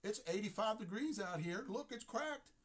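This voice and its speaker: A whining grown softball player, as a man puts him on, griping over a cracked bat in a squeaky voice pitched far above his own. He protests with a loud, complaining edge. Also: lively intonation, normal speed.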